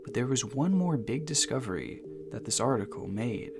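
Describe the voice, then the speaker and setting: Gravelly man narrating a dark mystery. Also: medium pitch, big pitch swings, background noise. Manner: measured, suspenseful, with slowed dramatic phrases. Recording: narration over music.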